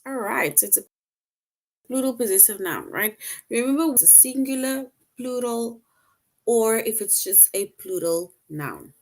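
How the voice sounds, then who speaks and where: Slow, patient woman teaching grammar. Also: on the high side, animated. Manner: slow, patient, reads sentences aloud then quizzes. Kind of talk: online grammar lesson.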